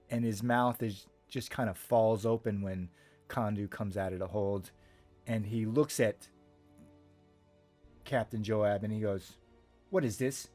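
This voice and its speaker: A man's voice: lowish voice, a little mellow. A man as game master, narrating a tabletop role-playing scene in a meandering, descriptive way with many fillers.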